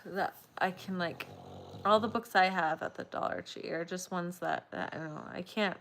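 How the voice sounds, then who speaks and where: A woman's voice: on the low side, moderate pace, fairly bright tone, a little hiss or hum. Sleepy woman chatting on a livestream. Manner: sleepy, rambling, reads viewer comments aloud. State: tired and yawning. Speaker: crochet livestream host. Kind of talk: casual livestream chat.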